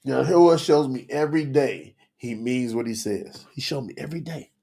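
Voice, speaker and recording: A man's voice: mid-range voice, moderate pace, gravelly, warm tone. A man teaching scripture on a livestream, talking straight to the viewers in the chat, emotional and close to tears.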